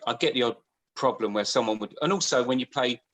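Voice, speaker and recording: A man's voice: mid-range voice, quick pace, fairly bright tone, rough recording. A man co-hosting a casual podcast, telling long, rambling anecdotes. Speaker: podcast co-host. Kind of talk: casual chat.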